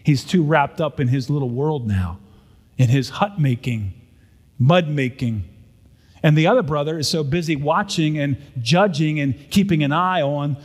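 A male pastor delivering a sermon in a conversational way, putting rhetorical questions to his congregation. His voice sits fairly high for a man. The sound carries the long reverb of a large church sanctuary. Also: moderate pace.

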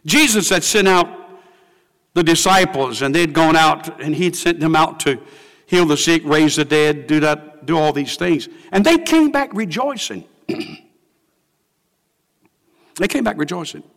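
A man's voice: on the high side, lively intonation, unhurried, gravelly, long pauses, fairly bright tone, big-room sound. A man preaching a sermon, dramatic and emphatic, repeating lines for effect.

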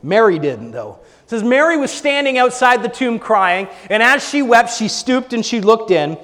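High pitched guy giving a sermon, big dramatic swings loud to soft, echoey hall. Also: sing-song, moderate pace. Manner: dramatic, swings from bold exclaiming to hushed near-whisper. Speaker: pastor. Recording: long hall reverb.

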